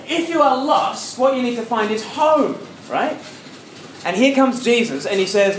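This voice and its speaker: A man's voice: extremely high pitch, lively intonation, a little slow. A man with an Australian accent giving a jokey, conversational evangelistic talk, asking his audience questions. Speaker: preacher giving a campus talk. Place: university lecture hall. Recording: echoey hall with faint noise.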